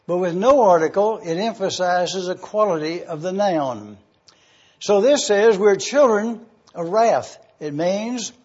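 A man preaching a sermon as pastor, teaching in a slow, deliberate cadence and laying out numbered points. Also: sits high, darkish tone, breathy edge, dull audio.

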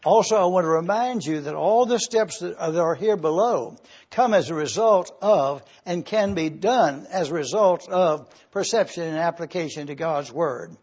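A man delivers a Bible teaching sermon in a high-pitched voice with a husky edge. He explains each point deliberately, slowing down to stretch out key words. The recording sounds muffled and lo-fi. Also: a little mellow. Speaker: preacher.

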